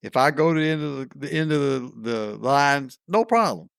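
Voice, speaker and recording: A man's voice: medium pitch, animated, normal speed, gravelly, fairly bright tone, smooth, no echo, studio quality. A middle-aged man co-hosting a podcast, laid-back and agreeing in casual chat. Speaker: podcast co-host.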